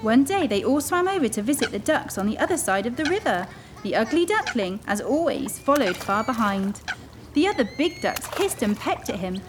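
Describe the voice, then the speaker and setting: A woman hosting a children's story show, reading a storybook aloud in an expressive, animated way. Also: on the high side, normal speed, background noise. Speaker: children's story reader, host.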